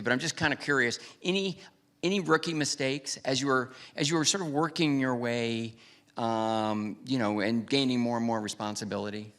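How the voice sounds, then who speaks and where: A man interviewing a guest on a conference stage, speaking haltingly with many restarts and fillers. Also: fairly low pitch, gravelly, a bit bright. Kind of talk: onstage conversation.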